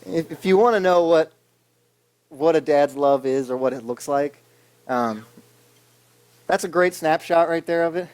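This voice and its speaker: A man's voice: fairly high pitch, a little slow, long pauses, a little mellow, clean tone. Casual preacher man, keeps saying okay. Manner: conversational, keeps asking "okay?". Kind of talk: casual sermon. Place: church service.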